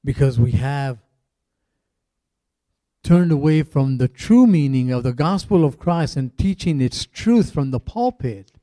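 Mellow-voiced pastor preaching casually. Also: male voice, mid-range voice, animated, a little slow, no room sound. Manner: casual, rambling asides with fillers. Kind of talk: conversational sermon.

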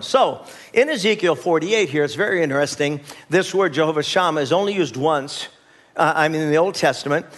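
An older man preaching a sermon as pastor, leading the church in call-and-response with folksy asides and chuckles. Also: fairly high pitch.

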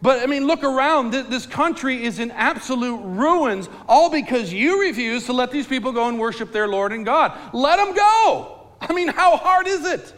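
A man's voice: very high-pitched, animated, normal speed, few pauses, fairly bright tone, big-room sound, pitched above the performer's own voice. A man voicing a group of exasperated royal officials who talk bluntly and slangily, pleading with their king.

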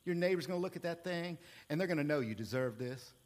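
A preacher voicing a smooth male car salesman, talking low and fast in a hushed sales patter. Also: lively intonation, natural voice. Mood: hushed persuasion.

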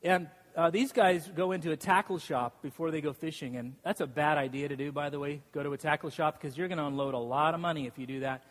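Laughing storytelling pastor in a reverberant hall. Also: male voice, a little high, steady tone, fast, few pauses. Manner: storytelling with self-deprecating humor and laughs. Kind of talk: sermon. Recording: long reverb of a large hall.

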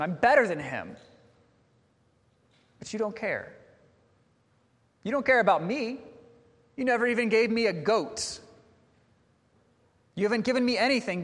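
A preacher acting out a resentful, dutiful older brother who complains with self-righteous indignation. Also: male voice, high-pitched, big pitch swings, moderate pace, few pauses, slightly rough, in a large hall, full character voice.

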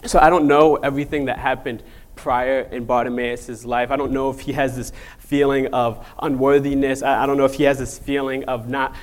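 A young adult man preaching in a relaxed, conversational way, often repeating words and using fillers. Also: medium pitch, normal speed. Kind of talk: casual conversational sermon.

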